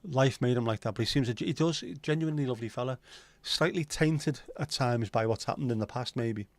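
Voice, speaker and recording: A man's voice: medium pitch, a little fast, dry recording. A man hosting a casual livestream, chatting and bantering loosely with plenty of swearing while reading viewer comments. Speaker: livestream host.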